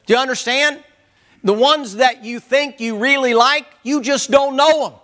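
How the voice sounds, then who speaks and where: High, bright-voiced preacher man. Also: moderate pace. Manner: loud, emphatic, hollering at times. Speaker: pastor. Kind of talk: sermon.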